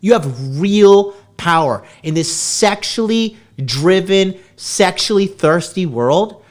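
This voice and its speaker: A man's voice: high-pitched, expressive, takes it slowly. A male podcast host giving dating advice in a brash, profane rant, lecturing his listeners.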